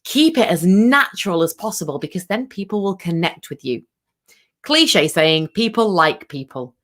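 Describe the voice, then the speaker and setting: Lady vocal coach, chatty and animated, bit of a lower voice, online workshop. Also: normal speed. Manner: dynamic, expressive, chatty presenter.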